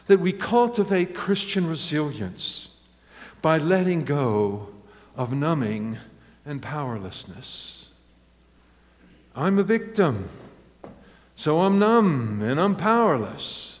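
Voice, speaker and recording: High-voiced pastor preaching in a reverberant hall. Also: male voice, takes it slowly, long pauses. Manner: animated storytelling with acted quotes and chuckles. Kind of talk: sermon. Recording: long reverb of a large hall.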